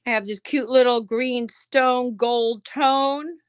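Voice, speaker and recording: Woman, live-stream auction seller, unhurried chatty delivery, slightly high voice. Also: fairly even intonation, clear, resonant tone. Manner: chatty, answers viewer comments by name; describes items aloud as she handles them. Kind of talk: casual live-stream selling.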